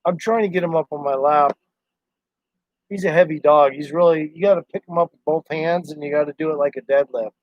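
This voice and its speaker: A man's voice: fairly high pitch, fairly even intonation, fairly quick, dry recording. A man chatting casually on a live stream, rambling to his viewers and his dog. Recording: dry, dull lo-fi sound.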